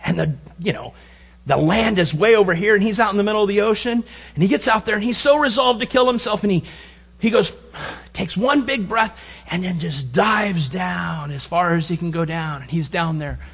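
A man's voice: high-pitched, moderate pace, creaky, slightly rough, lo-fi sound. A male pastor preaching a sermon, telling a long rambling story with many restarts.

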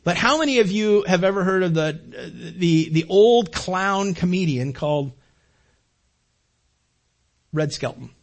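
A man's voice: high-pitched, lively intonation, measured pace, long pauses. An older man preaching a sermon as a pastor, talking to the congregation in a conversational way and often repeating words while he builds a point.

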